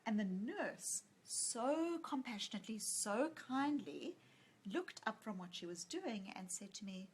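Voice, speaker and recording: A woman psychologist and author in a conversational interview, telling stories in an animated way and acting out what people said. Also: a little high, a little slow, breathy edge. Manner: animated storyteller who acts out quoted lines.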